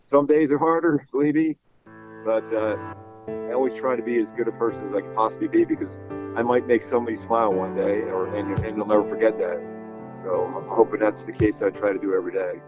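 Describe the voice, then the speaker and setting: A middle-aged man from Philadelphia, a baseball broadcaster guesting on an interview, telling stories in an animated way and repeating words as he gets going. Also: on the low side, a little fast, over music. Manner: animated storyteller, repeats words when excited. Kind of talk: casual interview chat. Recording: dull, slightly lo-fi dry sound.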